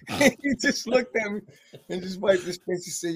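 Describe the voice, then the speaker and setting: A joking man from New Jersey who heads a music label tells stories in casual interview talk. His high-pitched voice is expressive and husky at a normal speed, and his delivery is loose, full of slang and restarts.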